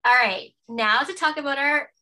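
A Canadian-accented woman co-hosting a podcast in easy, chatty talk. Her voice is bright and crisp and a little high for a woman. She scatters "like" through her sentences. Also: normal speed. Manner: chatty, full of "like" fillers. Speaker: podcast co-host. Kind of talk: casual chat.

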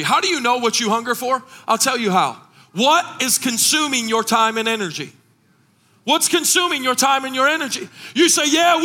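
High, bright-voiced preaching man. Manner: impassioned preaching, rising into shouted sung cadences. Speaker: pastor. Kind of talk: sermon.

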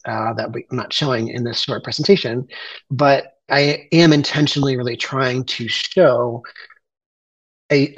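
A man in his forties presenting a photography project in an earnest, emotional way, with halting fillers. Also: medium pitch, breathy edge, poor audio. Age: 40s. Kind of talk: conversational presentation.

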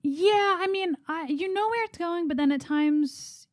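A young woman with a high voice chats casually as a podcast co-host. She fills her talk with little fillers and quick asides. The recording is dry and close. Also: dry recording. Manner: chatty, full of fillers.

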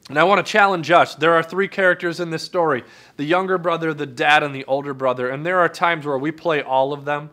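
Male pastor, fairly high bright voice, earnest sermon storytelling. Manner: earnest storytelling, asks "right?".

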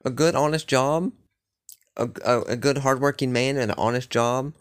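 A man talks through his latest session of a fantasy game in a loose, rambling way. He curses often and leans on filler words, at an ordinary middle pitch. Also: normal speed. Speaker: gamer recapping a playthrough. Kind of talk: casual chat.

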